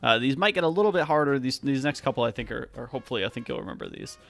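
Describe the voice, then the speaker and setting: A man's voice: mid-range voice, sing-song, vocal fry, fairly bright tone, soft background music. A man co-hosting a podcast, casually reading out quiz questions and laughing often. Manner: laughs often, quick and chatty. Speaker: podcast co-host running a quiz. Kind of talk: casual chat.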